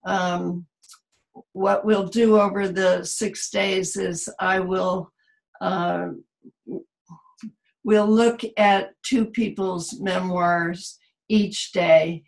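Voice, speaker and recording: A middle-aged woman teaching a memoir seminar over a video call from home, talking in a halting way with many fillers. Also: on the low side, fairly even intonation, gravelly, low-quality recording. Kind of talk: online video call presentation. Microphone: computer mic on a video call.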